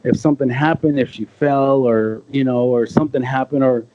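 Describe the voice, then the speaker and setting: A man in his thirties telling his own story as a podcast guest in a casual, excited way, full of "bro" and "like". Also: mid-range voice, moderate pace, dull audio. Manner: excited, conversational, peppered with "bro" and "like".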